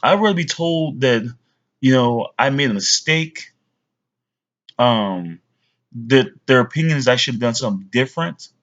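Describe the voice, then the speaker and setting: A man's voice: medium pitch, lively intonation, normal speed, pauses often, a bit bright, dull audio. A man in his forties giving blunt fatherly advice to his young sons in a rambling, casual way, full of fillers. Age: 40s. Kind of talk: casual to-camera talk.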